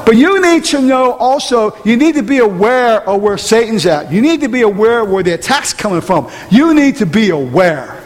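A man's voice: high voice, very animated, moderate pace, hardly any pauses. A man preaching a sermon to a congregation, emphatic and repeating rhetorical questions. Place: large room with an audience. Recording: long hall reverb, faint hiss.

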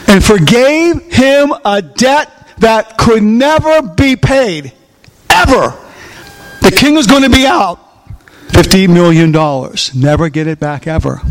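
A man preaching a sermon, asking the congregation questions and swinging between loud outbursts and hushed lines. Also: high voice.

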